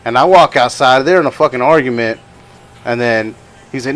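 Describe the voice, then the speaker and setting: A man's voice: on the high side, animated, fairly quick, a bit bright. Man, young, podcast co-host, rambling, laughing, does voices for quotes. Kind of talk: casual storytelling chat.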